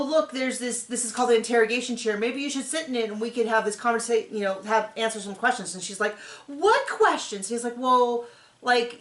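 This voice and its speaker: Animated woman recapping in an echoey room. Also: fairly high pitch. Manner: animated, acts out quotes in voices. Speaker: host recapping a reality show. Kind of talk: casual commentary.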